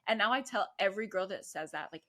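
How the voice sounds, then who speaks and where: A woman's voice: medium pitch, expressive, quick pace, pushed and bright. A woman in her twenties co-hosting a podcast, chatting casually and animatedly with lots of laughter. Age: 20s. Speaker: podcast co-host. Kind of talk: casual chat.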